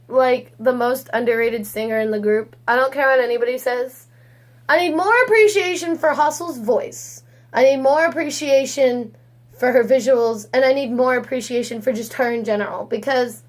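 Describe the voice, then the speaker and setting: A woman with a high voice talks straight to camera in a loose, rambling way. She piles on fillers and swears without holding back. It sounds like an unscripted opinion vlog. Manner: rambling, blunt and profane, with many fillers. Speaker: vlogger.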